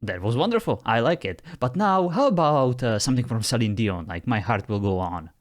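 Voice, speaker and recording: This man's mid-range voice is expressive and fairly quick. He's hosting a test of a phone voice assistant, teasing it, getting exasperated and laughing often in casual talk with the AI.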